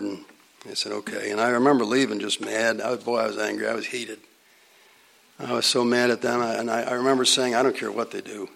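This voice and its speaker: A man preaching a sermon, telling a personal story with dramatic pauses and sometimes dropping almost to a whisper. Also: medium pitch, gravelly.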